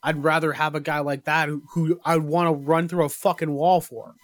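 A man with a high voice, talking excitedly and swearing freely in a casual sports podcast. The sound is dry and close, with no echo. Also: normal speed. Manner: animated, profane storytelling. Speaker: podcast co-host.

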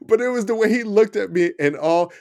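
A man with a high, slightly quick, gravelly voice, recorded dry with no room sound, co-hosts a podcast in a studio under hot lights. In casual chat he's an animated, profane storyteller, laughing as he tells stories about his personal-training clients.

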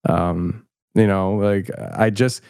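Casual guest spot: middle-aged man, low voice, rambling, self-mocking, dry close sound. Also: fairly even intonation, takes it slowly, vocal fry, darkish tone, clean tone, dry recording. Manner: rambling and self-deprecating, many restarts. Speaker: podcast host, guest filmmaker. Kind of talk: casual interview chat.

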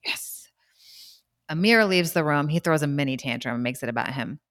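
A woman co-hosting a casual podcast, recapping a reality show with lively storytelling and quick asides. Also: sits low, no room sound, clean studio sound. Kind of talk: casual chat.

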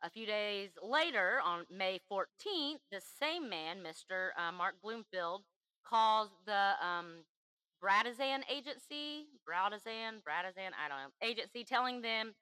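Woman telling a true crime story to her cohost, bouncy pitch, super dry close sound. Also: measured pace, dry recording, poor audio. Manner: emphatic, animated, chatty. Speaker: podcast host.

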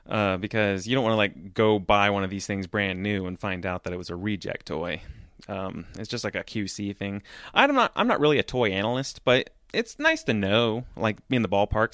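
A man's voice: lowish voice, fairly bright tone, no echo, clean studio sound. A man telling a rambling, profane comedic story, full of fillers, as a podcast host.

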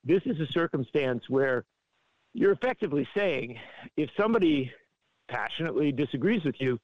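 Measured male journalist on a dull phone line. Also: on the high side, expressive, dry recording. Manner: deliberate, explanatory, with pauses. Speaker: political journalist guest.

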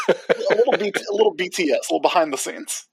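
A man co-hosting a podcast in casual chat, joking with big swings in pitch. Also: brisk, creaky, breathy edge, no echo. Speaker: podcast co-host. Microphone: remote call.

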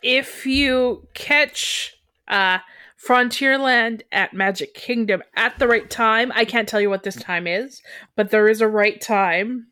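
A woman's voice: on the high side, takes it slowly, sharp tone, clear, resonant tone, dry recording, clean studio sound. A woman from western Canada co-hosting a podcast in casual chat, rambling and restarting her thoughts as she goes. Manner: chatty, trails off and restarts mid-thought. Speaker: podcast co-host.

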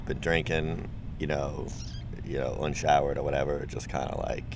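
A man's voice: rumbling low, little pitch movement, normal speed, vocal fry, background noise. A man co-hosting a podcast in casual chat, laughing often and throwing in jokes. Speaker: podcast co-host.

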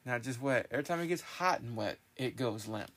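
A man hosting a podcast in casual chat, telling stories in a rambling, animated way with lots of restarts. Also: medium pitch, brisk. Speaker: podcast host.

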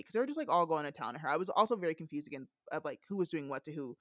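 A woman's voice: fairly low pitch, lively intonation, quick pace, no room sound, studio quality. A young woman recapping a book in a casual podcast chat, frank and amused, with many fillers. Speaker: podcast co-host recapping a novella. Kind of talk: casual chat, reading quotes aloud.

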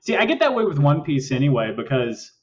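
A man's voice: on the high side, big pitch swings, fairly quick, a little hiss or hum. Laughing storytelling man on a distant, dull line. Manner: laughs often, tells stories with put-on quoted voices. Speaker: voice actor guest. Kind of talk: casual podcast chat. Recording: distant, dull remote audio.

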